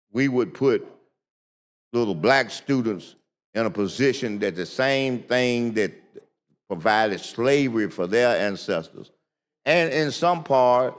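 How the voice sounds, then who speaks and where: Older male senator, slow deliberate delivery, emphatic repetition, long chamber reverb. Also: mid-range voice. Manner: deliberate, emphatic, repeats for stress. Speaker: state senator. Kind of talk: floor debate. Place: legislative chamber.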